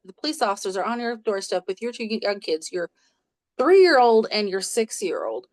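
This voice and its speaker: A woman in her forties, a clinical social worker, telling animated stories as a podcast guest from her home office and acting out quoted voices. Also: mid-range voice, moderate pace. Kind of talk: casual storytelling in a podcast interview.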